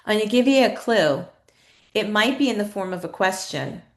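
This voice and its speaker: A woman's voice: mid-range voice, lively intonation, moderate pace. A woman leading a live online training in a conversational way, asking her audience questions and reading their chat replies aloud. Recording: echoey room.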